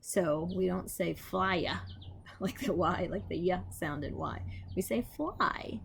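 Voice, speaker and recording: A woman teacher slowly sounding out letters and reading aloud to young children outdoors. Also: fairly low pitch, vocal fry, a little mellow, a little hiss or hum. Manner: slow, patient, sounding out letters. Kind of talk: phonics lesson and read-aloud for young children.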